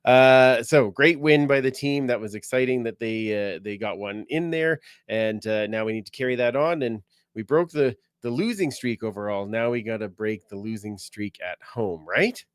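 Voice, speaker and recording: A man's voice: medium pitch, moderate pace, few pauses, clean tone, dry recording, studio quality. A man hosting a casual sports podcast, rambling through news with many fillers and restarts. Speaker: podcast host.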